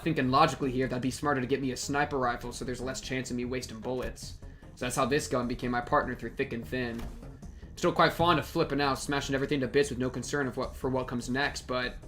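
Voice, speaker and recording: A man reading as a gruff young male gunner, speaking low and clipped. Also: fairly even intonation, fairly quick, fairly bright tone, soft background music, lightly acted.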